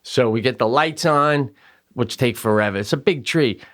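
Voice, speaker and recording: A man co-hosting a podcast, telling a long, rambling family story with lots of fillers and swearing, and jumping up into loud voices when he acts out quotes. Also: medium pitch, moderate pace. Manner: animated, raises voice sharply when acting out quotes. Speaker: podcast co-host. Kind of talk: casual storytelling chat.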